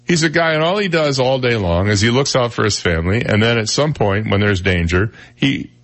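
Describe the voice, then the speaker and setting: A man hosts a morning radio show, joking and chatting loosely. His pitch swings widely as he laughs his way through stories, sitting at a mid pitch. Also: fairly quick. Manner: animated, joking, laughs often, puts on silly voices. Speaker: radio talk show host. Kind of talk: casual morning radio chat.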